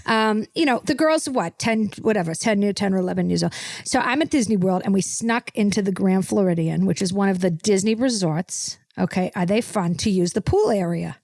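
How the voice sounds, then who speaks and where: A woman's voice: mid-range voice, fairly quick, a little mellow, dry recording. Older woman, comedic host, brash and self-satisfied, rambles, dry close sound. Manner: brash, rambling, self-assured, peppered with "okay". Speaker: podcast host. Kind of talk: comedic character storytelling.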